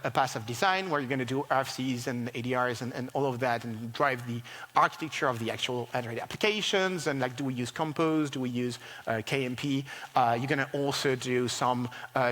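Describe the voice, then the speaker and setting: A man giving a conference talk on software, animated and full of fillers and restarts. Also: mid-range voice, in a large hall. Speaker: conference speaker. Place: large conference hall.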